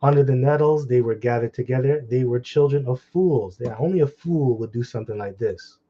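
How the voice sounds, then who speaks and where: A man preaches in a dark, mellow voice, reading scripture slowly and then breaking into heated, scornful commentary. His speech is full of crude insults and short laughs. The recording sounds dull and lo-fi. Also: medium pitch. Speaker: online preacher.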